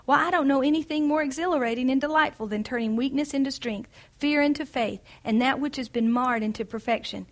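A woman's voice: high-pitched, a little fast, hardly any pauses. A woman voicing a kindly male shepherd who speaks cheerfully and reassuringly as she reads his lines from a book. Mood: playful.

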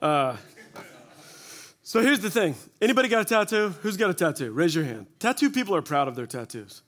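A man's voice: high voice, big pitch swings, a little fast, a bit bright. Joking storyteller man in his forties. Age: 40s. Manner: self-deprecating storytelling with quoted asides. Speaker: church speaker. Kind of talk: humorous testimony talk. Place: church gathering before an audience.

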